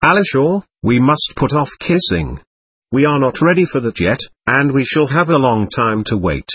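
A man reading a storybook, voicing an excitable, teasing young invalid woman with quick, playful talk. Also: medium pitch, breathy edge, dry recording. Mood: earnest.

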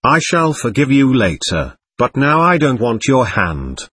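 A man's voice: mid-range voice, very animated, unhurried, fairly bright tone, slightly rough, heavily acted. A man voicing a proud, bitter young man saying a wounded farewell, cold and reproachful.

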